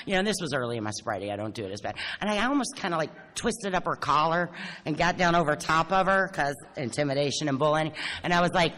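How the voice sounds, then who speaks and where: A woman's voice: deep voice, expressive, fast talker, a bit bright. A woman giving a blunt, sarcastic, self-mocking recovery talk at a convention, swearing freely. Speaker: AA speaker. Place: large convention hall. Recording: echoey hall with faint noise.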